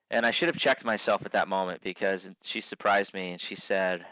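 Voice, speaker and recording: A man's voice: low voice, steady tone, a little fast, pushed and bright, no echo, lo-fi sound. A man giving a conference keynote speech, telling stories earnestly and often restarting his sentences. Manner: earnest storytelling with frequent restarts. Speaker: keynote speaker.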